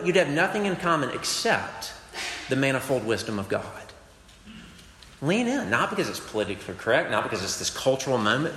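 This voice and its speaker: A man's voice: medium pitch, a bit bright. Earnest man preaching in a hall. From Mississippi, US. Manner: earnest, conversational preaching with casual asides. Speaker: campus preacher. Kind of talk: sermon. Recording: echoey hall, faint background noise.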